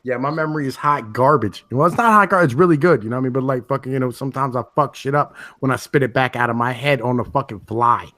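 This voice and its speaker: A man's voice: mid-range voice, fast talker, hardly any pauses, sharp tone, dry recording. A man in casual livestream chat, profane and rambling, with mock-preacher bravado. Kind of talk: crude joking livestream chat.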